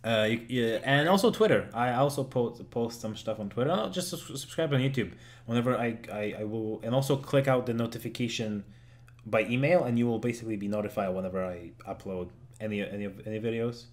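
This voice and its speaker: A man's voice: medium pitch, brisk. Young man, laughing podcast host. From Germany. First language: German. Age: 20s. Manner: laughs often, swears casually, joking. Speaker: podcast host and game streamer. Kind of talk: casual podcast banter.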